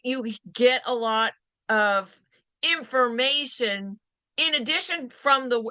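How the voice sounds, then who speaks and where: A woman's voice: a little high, sharp tone, no echo. A woman giving a real estate training class in a conversational, emphatic way, repeating phrases for stress. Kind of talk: continuing education class talk.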